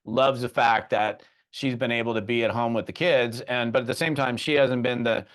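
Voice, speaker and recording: A man hosts a podcast interview in a relaxed, conversational way. He tells his stories with animated energy and keeps the talk moving. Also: medium pitch, normal speed. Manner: animated storyteller who acts out quoted voices. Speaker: podcast host.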